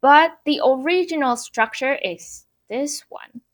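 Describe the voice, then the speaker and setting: A woman teaching an online Mandarin lesson, who explains cheerfully and repeats phrases slowly. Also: high-pitched. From Taiwan.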